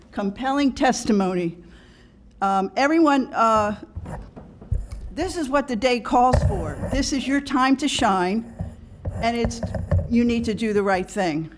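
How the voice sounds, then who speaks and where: A woman reading a prepared public comment at a county meeting in an earnest way. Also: a little high.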